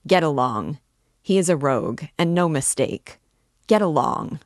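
A woman voicing a huge, dismissive male peasant porter giving blunt, forceful commands. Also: low voice, lively intonation, a little slow, no room sound, studio quality. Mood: gruff.

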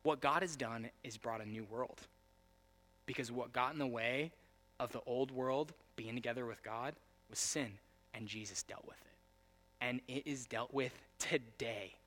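A young adult man preaching a sermon, moving between quiet storytelling and loud, emphatic preaching. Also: mid-range voice, normal speed. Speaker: pastor.

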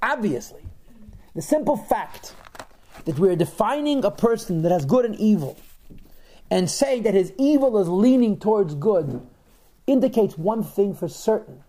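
A man's voice: high-pitched, expressive, normal speed, dark tone. Man lecturing with emphatic rhetorical questions. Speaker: Torah teacher. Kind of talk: classroom lecture on a religious text. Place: class with students.

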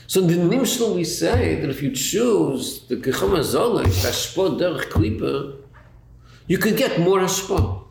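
A man gives a lively Torah lecture in a fairly high, gravelly voice that rises and falls a lot. He asks himself questions and restarts phrases as he thinks. The recording is roomy, with a faint hiss behind him. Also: unhurried. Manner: animated, rhetorical questions, repeats words while thinking. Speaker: Torah teacher. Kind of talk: Chassidus class lecture. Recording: echoey room with faint noise.

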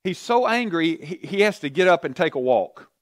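A man's voice: a little high, big pitch swings, normal speed, dry recording, studio quality. A man teaching a Bible study, telling the story with energy and asking his class questions.

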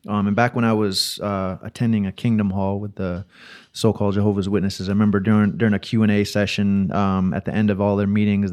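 A man's voice: sits low, a little mellow. A man co-hosting a podcast, casually discussing theology and reading Bible passages aloud with many fillers. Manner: explains patiently, reads scripture aloud, many fillers. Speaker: podcast co-host.

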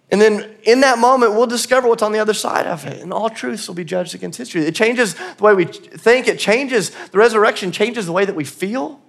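A man giving a church sermon in a conversational, earnest way, sometimes laughing at himself. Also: sits high. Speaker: pastor. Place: church auditorium.

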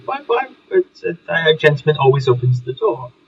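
A man voicing a pompous, grandly courteous gentleman in a theatrical, lofty manner. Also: a little high, big pitch swings, normal speed, slightly rough, dull audio, voice pushed up, full character voice. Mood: grandiose.

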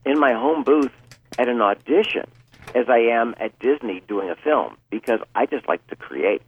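Man, voice actor, casual podcast guest, animated, husky, dry tinny remote audio. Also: medium pitch, moderate pace, dry recording. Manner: animated storyteller, joking and self-deprecating. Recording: tinny phone-like remote line.

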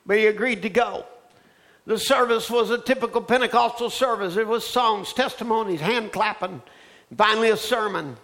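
A male preacher delivering a sermon, with a story that builds into fervent, shouted preaching. His voice is strikingly high. The tone is bright and forceful. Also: normal speed.

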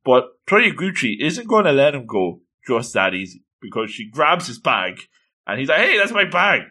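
Excitable man recapping a manga chapter. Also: medium pitch, moderate pace. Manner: animated, excitable, exclaims often. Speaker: manga reviewer.

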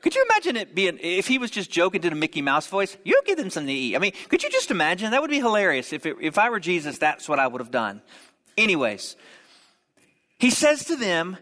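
Man, pastor, sermon, humorous asides, high voice, very lively pitch. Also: big-room sound. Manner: humorous, animated storytelling with quick asides.

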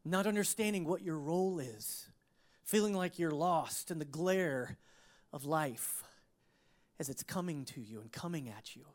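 Preacher, sermon, storytelling, expressive, laughing, restarts. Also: medium pitch, unhurried. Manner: expressive, laughs while telling stories, many restarts.

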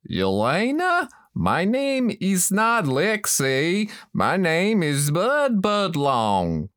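A man's voice: on the high side, wildly swooping pitch, unhurried, full character voice. An actor playing a brash man who speaks broken English, dropping articles, and insists on a swaggering Texan persona. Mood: insistent. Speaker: comedy sketch character. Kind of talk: comedic sketch acting.

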